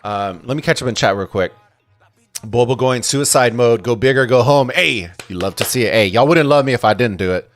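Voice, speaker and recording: A man casting a strategy game tournament on a live stream, excitable and chatty, swearing freely as he reads viewer messages. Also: medium pitch, brisk, soft background music. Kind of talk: casual live-stream commentary and chat reading.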